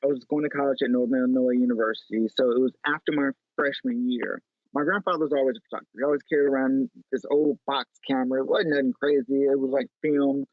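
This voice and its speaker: A man from Chicago telling stories as an interview guest, animated and chatty with lots of "like". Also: medium pitch, quick pace, dry recording. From Chicago, USA. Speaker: guest photo editor. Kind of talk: casual interview storytelling. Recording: tinny phone-like line.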